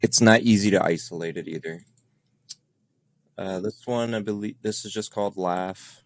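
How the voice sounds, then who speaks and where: Low-voiced man rambling on a podcast. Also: fairly even intonation, normal speed, no room sound. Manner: loose and rambling, with many fillers. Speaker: paranormal investigator reviewing evidence. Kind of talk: casual podcast chat.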